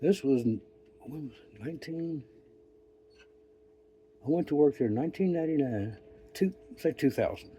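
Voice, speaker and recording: An older man telling a rambling story in a profane, folksy, wry way, with pauses and restarts. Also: a little high, expressive, mellow, a little hiss or hum. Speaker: vlogger. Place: outdoors.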